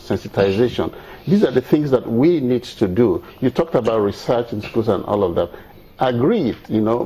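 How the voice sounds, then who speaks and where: A man, explaining climate policy calmly as a guest on a TV panel. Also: mid-range voice, husky. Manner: measured, explanatory, hesitant fillers. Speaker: studio guest, climate expert. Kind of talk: TV panel discussion.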